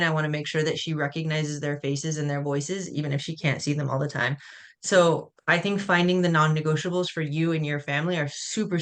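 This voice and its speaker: A young woman and new mother, a former athlete, talking candidly and casually as a guest in a video-call webinar. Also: deep voice. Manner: candid, chatty, self-deprecating.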